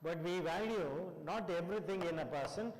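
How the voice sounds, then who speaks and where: A man's voice: high-pitched, normal speed. A man with an Indian English accent giving a classroom lecture on counselling, quizzing the students and acting out quotes. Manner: asks the class questions and acts out quotes. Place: college classroom. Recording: long hall reverb.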